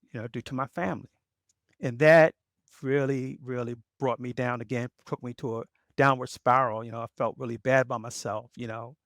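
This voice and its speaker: A man's voice: medium pitch, no room sound, studio quality. A middle-aged man from Baltimore, a former police officer, telling his story in an interview and acting out the voices of the people in it. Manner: animated storyteller who acts out quoted voices.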